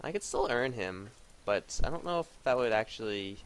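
Cursing gamer muttering through a match. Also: male voice, mid-range voice, animated, moderate pace. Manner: profane, frustrated muttering with sudden outbursts. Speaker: gamer commenting on his own match. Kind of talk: live gameplay commentary.

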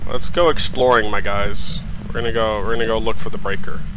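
A man commentating his solo horror game run, exasperated and swearing a lot, breaking into high shouts. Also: steady tone, brisk, lo-fi sound, noisy background. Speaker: gaming streamer.

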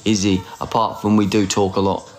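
A man's voice: fairly low pitch, little pitch movement, fairly quick, soft background music. A man in his forties hosting a casual phone livestream, teasing, flirty and sarcastic, and often mocking himself. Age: 40s. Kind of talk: casual live chat.

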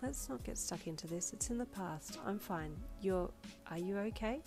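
A woman reading the lines of a shy, gentle young woman who speaks softly and reassuringly. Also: mid-range voice, expressive, moderate pace, gravelly, over music. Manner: soft-spoken, shy.

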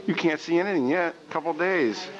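A man's voice: fairly high pitch, brisk, dull audio, a crowd in the background. A new father in a hospital delivery room, cooing to his newborn in a raised baby-talk voice. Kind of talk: home video, talking to a newborn. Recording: echoey room, loud background noise.

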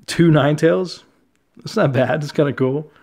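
A young man casually talking through his trading card collection, relaxed and chatty, often laughing and using fillers. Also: fairly high pitch, moderate pace, gravelly. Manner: relaxed, chatty, easily amused, many fillers.

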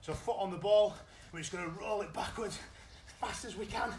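Upbeat high-voiced coach in an echoey room. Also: male voice, fairly quick, slight background noise. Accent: British English. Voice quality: energetic, encouraging instructions. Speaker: children's football coach. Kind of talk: live online coaching session. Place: indoors at home.

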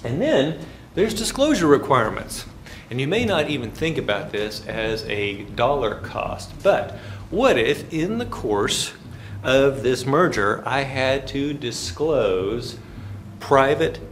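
A middle-aged man giving a classroom finance lecture in a lively, folksy storytelling manner, sometimes making sound effects. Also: mid-range voice, slight background noise.

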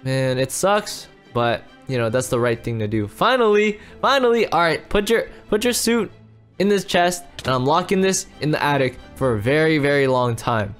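A man hosting a casual game roleplay as a dad, excitable and rambling, full of exclamations. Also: on the high side, moderate pace, soft background music. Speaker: roleplay host playing a dad.

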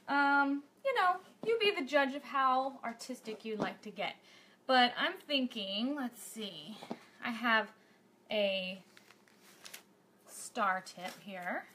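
A woman's voice: sits high, animated, takes it slowly, pushed and bright, slight background noise. A woman hosting a cake decorating tutorial livestream, bubbly and chatty, thinking aloud as she works.

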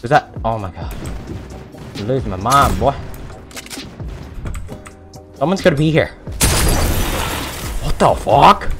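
A young man commentating his own gameplay, cursing and shouting in bursts, close to the mic. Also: mid-range voice, very animated, slow, long pauses. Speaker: gaming video creator. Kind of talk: profane live gameplay commentary. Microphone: close mic, breathing into it. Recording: game music playing behind.

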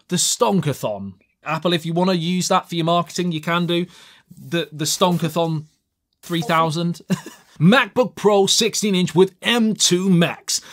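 A young man giving a chatty, self-mocking tech review to camera, with jokey asides. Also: on the high side.

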